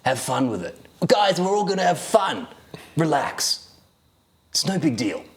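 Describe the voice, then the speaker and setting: A man's voice: on the high side, very animated, a little slow. A man voicing a laid-back male teacher with an Australian accent who keeps soothing his pupil and calls him "mate". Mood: reassuring. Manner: soothing, repeats "no big deal".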